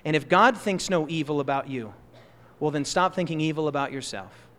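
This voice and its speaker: A high-voiced male preacher delivering an impassioned sermon. He drives his points home with loud, rising bursts, then drops into slow, quiet asides. The sound carries a long reverb from the church hall. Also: animated. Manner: impassioned, swings between loud emphasis and soft slow asides.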